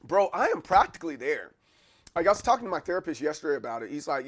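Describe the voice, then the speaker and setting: A man's voice: a little high, sing-song, fast. A man hosting a livestream in casual chat, loose and opinionated as he reacts to his chat. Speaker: livestream host.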